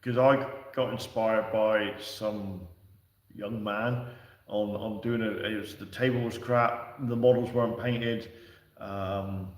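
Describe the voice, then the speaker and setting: A man's voice: on the low side, fairly even intonation, slow pace. A man hosting a casual livestream, chatting and answering viewers in a rambling way with fillers and restarts. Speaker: livestream host. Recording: echoey room, distant from the mic.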